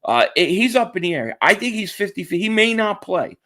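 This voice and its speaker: Very animated and fairly quick, a man with a high, fairly bright voice runs a casual live stream. This Philadelphia-area sports host discusses football and greets viewers in the chat, repeating himself often.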